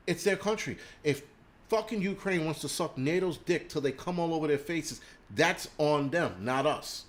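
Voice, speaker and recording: Speaking at a moderate pace in a somewhat high voice, this livestream host rants with anger and swearing. Every so often he pauses to read out viewer comments along with the names and donations of those watching.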